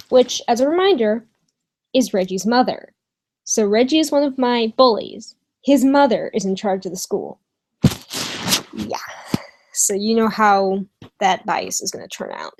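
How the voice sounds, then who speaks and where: A young woman telling a storytime vlog from her bedroom, hesitant with many pauses and fillers, swearing casually. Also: a little high, a little mellow, low-quality recording. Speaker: vlogger.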